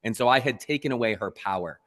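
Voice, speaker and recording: Male photographer guest, earnest and lively storyteller, long room reverb. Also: mid-range voice, fast talker. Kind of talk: casual interview talk.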